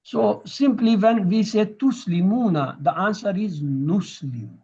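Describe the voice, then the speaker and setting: In a classroom lesson, a man teaches Quranic Arabic grammar, drilling verb forms and quizzing his students. His voice is high, unhurried and mellow with a breathy edge, captured on a dull lo-fi recording.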